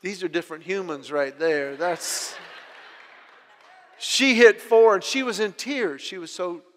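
A middle-aged man delivers a sermon from the pulpit, his voice pitched high. He tells family stories and slips into his children's voices, and the sound carries with the long reverb of a large hall. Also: measured pace, fairly bright tone, slight background noise. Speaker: pastor.

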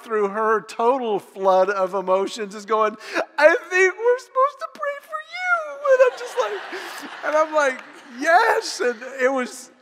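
A middle-aged man giving a sermon, telling personal stories in a confessional way, moving between loud moments and hushed ones. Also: high voice, big-room sound. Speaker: speaker.

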